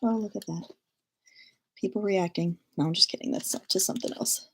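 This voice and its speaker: A woman's voice: mid-range voice, normal speed, gravelly, slightly rough. A woman in her thirties hosting a casual livestream from home, chatty and self-deprecating, laughing often as she talks to viewers. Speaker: livestream host.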